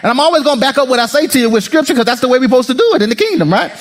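Racing along in a very high-pitched voice, a pastor preaches with animation, acting out voices and calling out to the people in his congregation.

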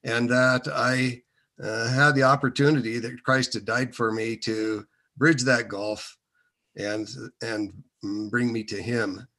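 Bright-voiced man, hesitant storyteller. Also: medium pitch, flat delivery, slow. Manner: hesitant and meandering, many fillers. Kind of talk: personal storytelling.

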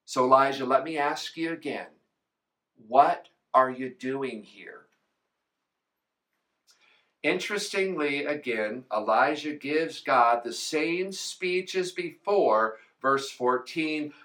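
A man's voice: a little high, expressive, slow pace, sharp tone. A man preaching a sermon as pastor, retelling a scripture story dramatically and voicing the people in it. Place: church.

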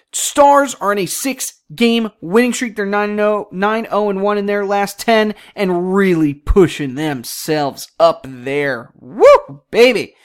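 A solo sports show host in casual talk, reading out standings in quick lists and drifting into jokey asides. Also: medium pitch. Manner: chatty and jokey, wanders into asides; reads out standings and numbers in rapid lists.

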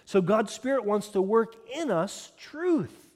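A man's voice: sits high, very animated, slow pace, darkish tone. A man preaching a sermon as a pastor, moving between earnest teaching and casual conversational asides. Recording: long hall reverb.

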